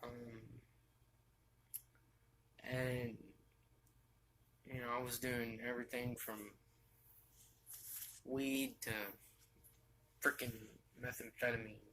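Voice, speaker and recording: A young man telling a personal story from his bed, halting and restarting often as he talks. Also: medium pitch, level tone, pushed and bright, a little hiss or hum, poor audio. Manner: halting, with frequent restarts and fillers. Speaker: vlogger. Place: bedroom, sitting on his bed.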